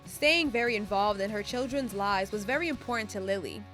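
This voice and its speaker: A woman's voice: medium pitch, fairly bright tone, soft background music. Woman narrating a documentary profile. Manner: smooth, measured storytelling.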